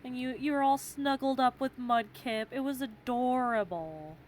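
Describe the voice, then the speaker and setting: A woman's voice: high voice, normal speed, slight background noise. A young woman chatting casually on a stream, telling funny stories with lots of laughter and swearing. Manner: giggly, swearing storyteller. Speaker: streamer co-host. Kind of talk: casual chat.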